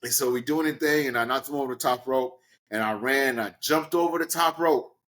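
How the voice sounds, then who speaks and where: A man from Brooklyn, a guest in an interview, telling a story casually and animatedly, acting out the people in it with big leaps in pitch. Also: fairly quick, fairly bright tone. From Brooklyn, New York. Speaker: guest, professional wrestler.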